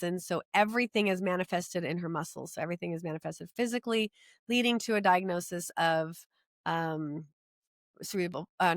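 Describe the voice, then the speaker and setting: A middle-aged woman, a podcast guest, telling her personal story in an earnest, animated way. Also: lowish voice, no echo, studio quality.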